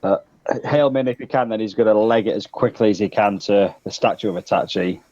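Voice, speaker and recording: Male player, casual and plain, mid-pitched, dull sound. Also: a little fast, a little mellow. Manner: describes his character's actions plainly. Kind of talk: casual tabletop play.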